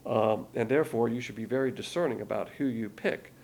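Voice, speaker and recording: A man's voice: medium pitch, a little fast, creaky, darkish tone, a little hiss or hum. A man giving an emphatic Bible lesson in sermon style, often repeating key words and stopping to restart his sentences. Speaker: Bible teacher.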